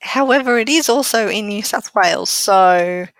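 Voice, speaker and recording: A woman's voice: mid-range voice, normal speed, no room sound. Teasing, laughing woman co-hosting a podcast. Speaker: podcast co-host. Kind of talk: casual chat.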